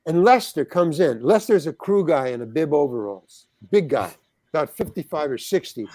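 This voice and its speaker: An older man, a podcast guest, telling a rambling, animated anecdote full of "you know" and acted-out voices. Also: a little high, normal speed, no room sound. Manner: animated, acts out other people's voices, many fillers.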